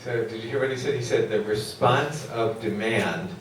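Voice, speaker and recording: A lower-voiced man lecturing a class in a big echoey hall, picked up from far off. He rambles loosely and keeps questioning the students, with plenty of fillers. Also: moderate pace, slight background noise. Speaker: economics lecturer.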